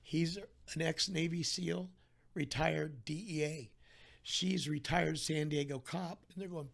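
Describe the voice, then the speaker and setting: A man's voice: on the high side, fairly even intonation, moderate pace, vocal fry. A man talking as a podcast guest, telling his story in an earnest, heartfelt way with frequent restarts. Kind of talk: candid conversational storytelling.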